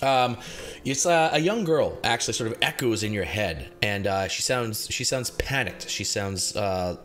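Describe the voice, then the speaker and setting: Halting man running a tabletop game. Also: on the low side, expressive, a bit bright, soft background music. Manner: halting, many ums and restarts. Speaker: game master.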